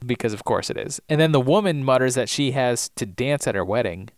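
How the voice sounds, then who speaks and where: Guy podcast cohost, playful recap, bouncy pitch, dry close sound. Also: expressive, brisk, no room sound. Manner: joking, playful recap storyteller. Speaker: podcast co-host. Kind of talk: casual chat recapping TV episodes.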